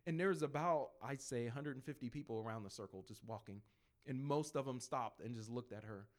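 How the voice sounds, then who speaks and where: A man on a panel sharing his evangelism experiences as a lively storytelling testimony, laughing between anecdotes and acting out bits of dialogue. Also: mid-range voice. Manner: acts out dialogue in quick asides.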